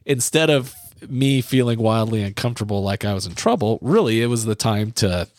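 A middle-aged man from the US Midwest, co-hosting a parenting podcast and telling a self-deprecating childhood story in a casual, animated way. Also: lowish voice, a little fast, no room sound.

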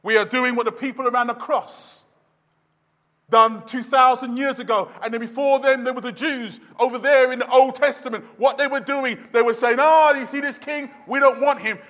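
A man preaching a sermon, swinging from loud shouts down to near-whispers. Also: very high-pitched, fairly even intonation, normal speed. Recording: long reverb of a hall.

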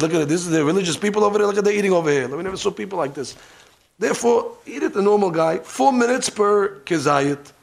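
A man teaching a hands-on religious lesson, animated and joking, dropping Hebrew terms as he demonstrates. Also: high voice, gravelly. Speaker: rabbi teaching. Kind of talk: demonstration lesson on ritual practice. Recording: archival lesson recording.

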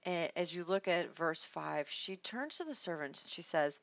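A woman teaching a Bible study in a conversational, expressive way, restarting her phrases as she thinks. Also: fairly low pitch, measured pace, gravelly, no echo. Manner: expressive, acts out quoted lines, restarts phrases. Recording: dull lo-fi dry recording.

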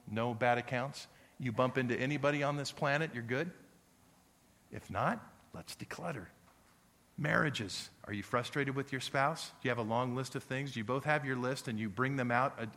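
Impassioned male pastor in a reverberant church. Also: medium pitch. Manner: impassioned, swinging from loud pleading to hushed prayer. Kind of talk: sermon. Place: church sanctuary. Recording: long reverb of a church sanctuary.

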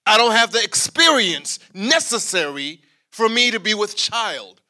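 A man's voice: high voice, very animated, measured pace, sharp tone, full character voice. A male preacher voicing a humble young woman who questions an angel, speaking earnestly and pleading. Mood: doubtful.

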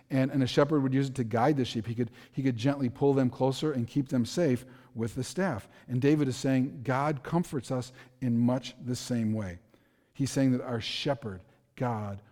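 A man with a warm, mid-range voice, heard with a long reverb tail, preaches a sermon as a pastor. He's earnest and conversational, often repeating words as he begins a phrase.

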